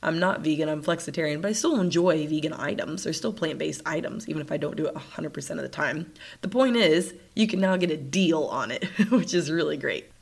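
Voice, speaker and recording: A woman with a slightly low voice talks her way through a casual solo podcast episode. Her voice comes out nasal and stuffed up, and she sniffles now and then. She keeps the chat upbeat and breaks into laughter often. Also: brisk, creaky, slightly rough. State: congested, sniffling. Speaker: podcast host.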